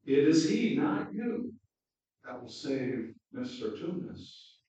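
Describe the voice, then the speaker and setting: A man voicing an excitable male talking beaver in a storybook reading, with emphatic, booming exclamations, recorded from afar in an echoey hall. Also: slow pace. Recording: dull echoey hall from far off.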